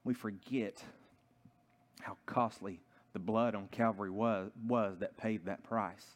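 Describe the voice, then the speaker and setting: A man's voice: lowish voice, steady tone, unhurried. A man preaching a sermon in a church, telling a story earnestly and often restarting his sentences. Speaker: pastor.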